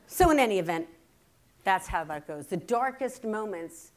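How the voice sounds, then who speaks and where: A woman's voice: mid-range voice, expressive, normal speed, a little hiss or hum. A woman in her fifties giving a humorous keynote talk, telling family stories and acting out the quotes. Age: 50s. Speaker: keynote speaker. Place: conference hall before a live audience.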